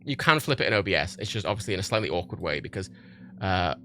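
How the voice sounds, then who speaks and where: A young British man hosts a casual livestream from his home office, his low voice fast, pushed, and bright, swinging widely in pitch. He rambles, swears, and keeps restarting his sentences.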